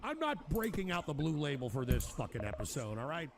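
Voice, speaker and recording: A man's voice: fairly high pitch, big pitch swings, fairly quick, gravelly, crowd noise. A man hosting a live stream, exasperated and profane, swearing constantly while drinking whisky. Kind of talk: casual livestream rant. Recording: loud background noise.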